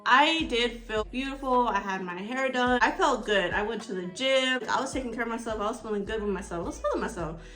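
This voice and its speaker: A woman's voice: fairly high pitch, a little fast, few pauses, a bit bright, faint music behind. A woman, chatting casually as she tells a story while getting ready at home. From Texas. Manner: chatty, rambling, acts out dialogue. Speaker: storytime YouTuber. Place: at home indoors by a window.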